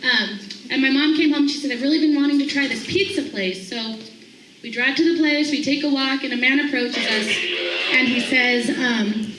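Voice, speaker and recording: She speaks in a high, bright voice, animated as she tells a personal story to a group. She acts out each person's lines as she goes. The sound is roomy, picked up from across an echoey room. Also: normal speed, recorded from a distance, slight background noise. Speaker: staff member sharing a morning thought.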